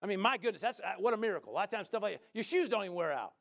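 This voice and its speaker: A man preaching a sermon in a folksy, joking way, often asking the listeners "right?" and swinging from loud to soft. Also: high-pitched, animated, very fast, gravelly.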